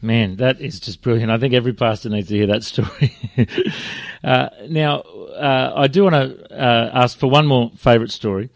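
Gravelly-voiced male interviewer, dry sound. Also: mid-range voice, steady tone, moderate pace, no room sound. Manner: hesitant, many fillers. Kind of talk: casual interview.

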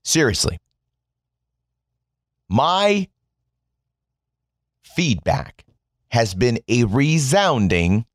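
A man from the United States delivers a biting, sarcastic rant straight to his viewers, swearing freely. His pitch swings widely as he mocks and jabs, and the recording is dry and close, with no room sound. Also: big pitch swings, slow, pauses often, dry recording. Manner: sarcastic, profane, addresses viewers as "folks". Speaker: political commentator. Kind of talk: sarcastic commentary monologue.

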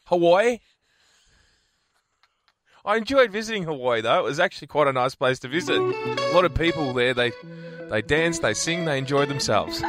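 A man's voice: medium pitch, expressive, a little fast, a bit bright, soft background music. A man co-hosting a radio show, joking playfully in casual chat. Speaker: radio co-host.

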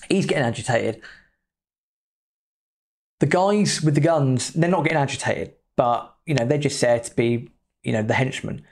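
A man hosting a podcast, talking in an easy, loose way. His voice sits at an ordinary middle pitch, and he tells his story like a casual chat with a friend, dropping in the odd swear word. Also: animated, normal speed. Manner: chatty, loose, with mild swearing. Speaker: podcast host.

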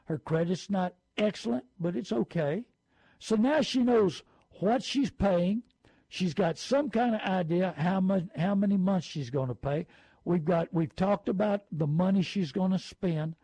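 Middle-aged guy giving car advice, folksy, high-ish raspy voice, mellow tone. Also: a little slow, dry recording, poor audio. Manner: folksy storytelling, lively put-on quotes. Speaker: car buying advisor.

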